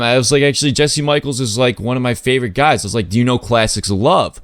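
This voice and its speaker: A man's voice: fast talker, no room sound. Laid-back man telling a story. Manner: loose, filler-heavy talk with lots of "like" and swearing; acts out quoted people with jumps in pitch. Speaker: podcast host. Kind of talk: casual storytelling.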